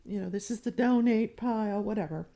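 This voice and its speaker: A woman's voice: mid-range voice, fairly quick, gravelly, warm tone. A woman chatting casually while she works on a diamond painting, rambling and poking fun at herself. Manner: rambling, self-mocking, chatty. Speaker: crafting vlogger.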